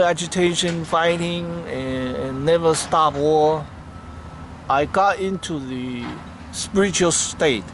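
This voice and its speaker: Man, spiritual talk, slow earnest delivery, fairly high voice, faint traffic outdoors. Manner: earnest, simple phrasing with grammar slips. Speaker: Hare Krishna devotee.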